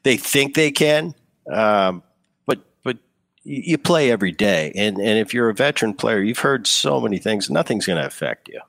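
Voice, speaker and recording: A man's voice: fairly low pitch, normal speed, creaky, no echo. A man, a former ballplayer, chatting casually as an interview guest, telling stories with frequent restarts. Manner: relaxed storytelling with frequent restarts. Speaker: guest, former baseball player.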